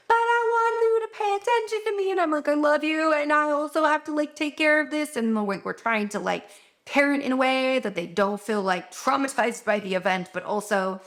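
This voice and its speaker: A woman doctor vlogs from home, speaking openly in a mid-range, slightly bright voice. She is tired and near tears, rambling and emotional with many fillers.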